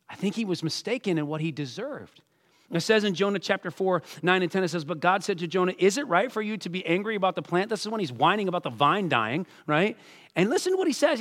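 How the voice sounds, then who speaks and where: A man's voice: sits high, brisk. A man preaching a sermon in a conversational way, calling his listeners folks and acting out the quotes he reads. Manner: conversational, addresses listeners as folks, animated quoting. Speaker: pastor.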